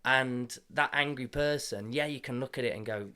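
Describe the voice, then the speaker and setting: A man's voice: mid-range voice, moderate pace, bright, forceful tone, smooth. A man hosting a podcast in casual, earnest conversation, often laughing and openly emotional. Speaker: podcast host.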